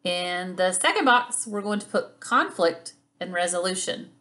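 A woman's voice: on the low side, animated, sharp tone. A woman teaching young children a reading lesson on video, giving patient, encouraging instructions and reading a picture book aloud. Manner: patient, encouraging, speaks slowly to young learners.

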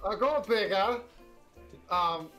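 A man's voice: high-pitched, expressive, slow, music in the background, pitched above the performer's own voice. A man voicing a small, pushy male goblin with a put-on accent. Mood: blustering. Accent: put-on character accent. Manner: pushy, boisterous, drinking.

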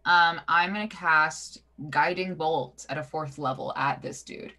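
A young woman playing a tabletop role-playing game, talking in a giggly, slangy, excited way. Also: low-pitched, a little slow. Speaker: player.

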